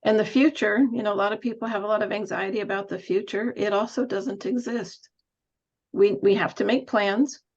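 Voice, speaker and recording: Woman, nurse coach, reflective talk, mid pitch, light laughs, dull lo-fi audio. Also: steady tone, a little fast. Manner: thoughtful, laughs lightly, musing.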